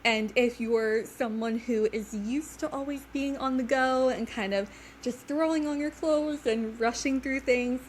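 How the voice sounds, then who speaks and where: A woman's voice: on the high side, a little slow, a little hiss or hum, rough recording. A young woman hosting a casual interview, chatty and upbeat, heavily pregnant. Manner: chatty, upbeat, frequent "like" and "mm-hmm". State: heavily pregnant, due today. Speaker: podcast host.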